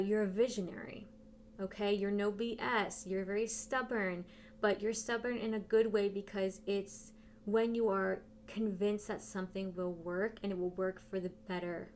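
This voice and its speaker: A woman with a mid-range voice gives a casual tarot reading, talking straight to her viewers and thinking aloud as she turns the cards. There's slight background noise.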